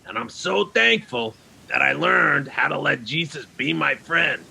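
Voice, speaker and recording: A man's voice: on the high side, lively intonation, a little slow, slight background noise, full character voice. A man playing Frank, a cheerful, lonely castaway stranded on an island, who talks to kids in a chummy way and says "yous". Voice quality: gravelly, rough and bright. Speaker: children's program character. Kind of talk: kids' ministry skit monologue.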